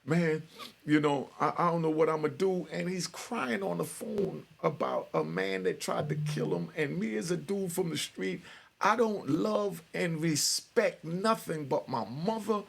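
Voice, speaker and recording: A man's voice: a little high, a little slow, gravelly, breathy edge. A middle-aged man casually telling a street story in his own talk, acting out both sides of phone calls. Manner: street-talking, retells conversations with quoted voices. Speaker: storyteller host.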